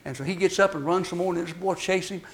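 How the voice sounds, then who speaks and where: A man preaching a sermon, telling folksy stories with emphatic swings between loud and hushed delivery. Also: high-pitched, quick pace.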